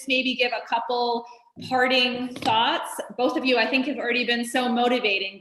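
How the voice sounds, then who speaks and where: A woman's voice: fairly high pitch, pushed and bright. American woman moderator in an echoey room. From United States. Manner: friendly, reads out viewer questions. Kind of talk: hosting a live online Q&A.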